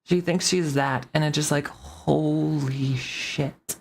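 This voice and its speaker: A woman's voice: sits low, steady tone, normal speed, vocal fry, slight background noise. A woman streamer ranting casually to her chat, rambling and swearing with many restarts.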